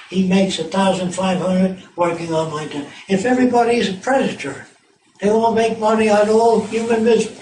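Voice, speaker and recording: A man's voice: high-pitched, a little mellow. An older man giving an informal public talk on tour, blunt, profane and sardonic. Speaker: lecturer on tour. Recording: echoey hall from far off, noisy.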